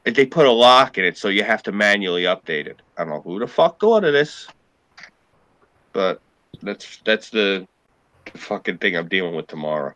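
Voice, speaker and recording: A man, his voice pitched slightly low and bright, tells long, rambling stories and swears freely in a casual group chat. The recording is dry and close. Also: big pitch swings, moderate pace, no room sound. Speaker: podcast co-host.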